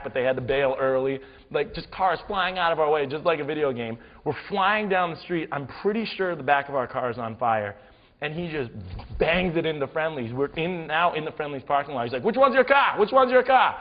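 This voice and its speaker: A young man in his twenties telling a rambling, animated comic story in a dull lo-fi recording. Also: on the high side, big-room sound. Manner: rambling, animated, lots of fillers.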